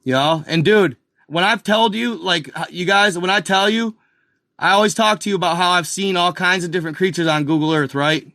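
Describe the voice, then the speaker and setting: An excitable man with a drawl rambles through a live show, speaking straight to his viewers. His voice is bright and pushed, a little higher than most men's, and it sits close and dry on the mic with no room sound. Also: normal speed, no echo. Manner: excitable, rambling, addresses viewers as guys and y'all. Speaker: channel host. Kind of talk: casual live commentary over a map.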